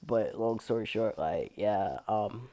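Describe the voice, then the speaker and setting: A young woman with an unusually low voice, telling a blunt, profane story about her cleaning job in a casual vlog. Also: expressive, slow pace, warm tone. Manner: blunt, profane, heavy use of "like", laughs often. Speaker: restroom and locker room cleaner.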